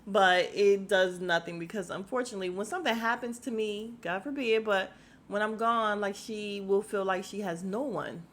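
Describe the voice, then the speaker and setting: A woman's voice: medium pitch, normal speed, slight background noise. A woman hosting a casual podcast recap of a reality show. She talks straight to her listeners, laughs often and speaks bluntly, with some swearing. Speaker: podcast host.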